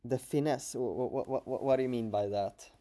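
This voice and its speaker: A man with a Swedish accent chatting casually on a livestream as a streamer, halting and stammering with many restarts. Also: mid-range voice, warm tone.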